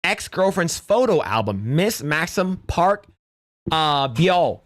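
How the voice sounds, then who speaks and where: A man's voice: on the high side, big pitch swings, slow, dry recording, studio quality. A man hosting a podcast livestream in casual, blunt, rambling commentary, laughing now and then. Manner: blunt, rambling, laughs at his own jokes.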